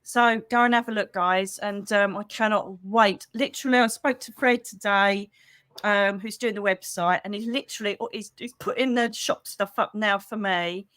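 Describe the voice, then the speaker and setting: A middle-aged woman with a British accent, a psychic medium hosting a casual livestream for members, chatty and animated with quick asides, speaking into a computer mic. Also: mid-range voice, no room sound, studio quality. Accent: British English. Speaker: psychic medium and channel host.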